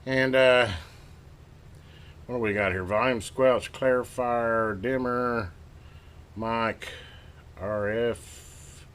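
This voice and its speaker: A man hosting a radio repair video, chatting casually and excitedly to viewers as he tests and works at his home workbench. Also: medium pitch, drawn-out words, long pauses, smooth. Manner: excited, rambling, talks to viewers while working. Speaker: radio repair channel host. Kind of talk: casual hands-on workbench narration.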